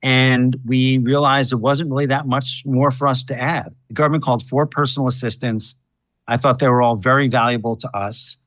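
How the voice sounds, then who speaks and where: A man who is a defense lawyer, telling the story of his case in measured interview answers. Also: medium pitch, fairly bright tone, no echo.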